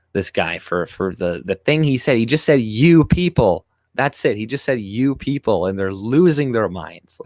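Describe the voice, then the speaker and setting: A man's voice: fairly low pitch, dry recording, studio quality. A young man whose first language is French, hosting a casual livestream and reading chat comments aloud in a sarcastic, profane rant. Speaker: livestream host.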